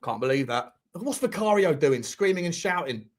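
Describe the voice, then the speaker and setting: Host: man, high voice, live match reactions with lots of shouting and swearing. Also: normal speed. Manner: excitable, shouts at players, swears a lot. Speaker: football watchalong host. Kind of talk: live football watchalong commentary.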